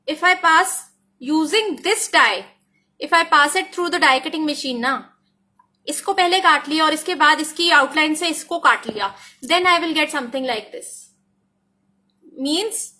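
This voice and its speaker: An Indian woman with a high, bright voice walks through a craft product demo with eager enthusiasm. She repeats herself often and drops into Hindi now and then. Her tone stays lively and keeps inviting you to look closer. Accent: Indian English. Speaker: craft die designer presenting new products. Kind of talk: product demonstration tutorial.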